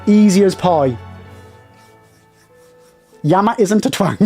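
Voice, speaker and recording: A man's voice: on the high side, unhurried, long pauses, darkish tone, faint music behind. A young man streaming a game live, elated and shaky with nerves after a win, talking to his chat in bursts.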